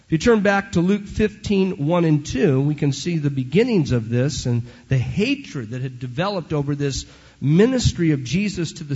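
A middle-aged man, a pastor, preaching a sermon in an animated, conversational way with storytelling asides and a husky voice. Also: a little high. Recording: dull lo-fi recording.

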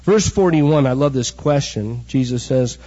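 A middle-aged man preaching a sermon, animated storytelling that acts out the quotes. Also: medium pitch, measured pace. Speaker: pastor. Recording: dull recording with hall echo.

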